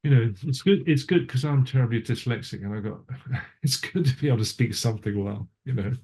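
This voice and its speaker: This older cinematographer has a husky, dark-toned, medium-pitched voice and a brisk delivery. Telling stories in an easygoing interview, he rambles, self-interrupts, and frequently starts over or slips in asides.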